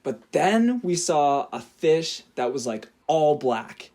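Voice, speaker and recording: A young man telling a story on his podcast, his voice sitting a bit higher than most men's. He talks loosely and animatedly, laughs through his own story and swears without a second thought. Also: big pitch swings, takes it slowly, a little mellow. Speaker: podcast co-host. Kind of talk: casual storytelling.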